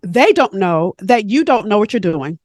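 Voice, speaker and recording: A woman putting on a stern, blunt Caribbean accent to voice her female mentor, speaking with loud, clipped emphasis. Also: medium pitch, sing-song, normal speed, no echo, clean studio sound. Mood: commanding.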